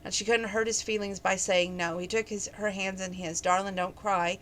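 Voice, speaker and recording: A woman's voice: mid-range voice, steady tone, brisk, a bit bright, a little hiss or hum. A woman reading a romance novel aloud in a plain, conversational way, adding chatty asides to her listeners. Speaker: book reader.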